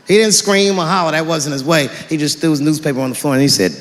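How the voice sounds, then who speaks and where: A middle-aged man doing stand-up storytelling on a theater stage, animated and profane, with exasperated outbursts. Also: fairly high pitch, quick pace, hardly any pauses. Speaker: stand-up comedian. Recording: theater hall reverb with faint audience ambience.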